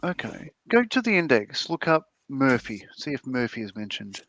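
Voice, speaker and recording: Gravelly Australian man, rambling chat. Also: mid-range voice, very animated, moderate pace, fairly bright tone, slight background noise. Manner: rambling, many fillers and restarts. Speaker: livestream co-host. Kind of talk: casual chat, reading viewer comments.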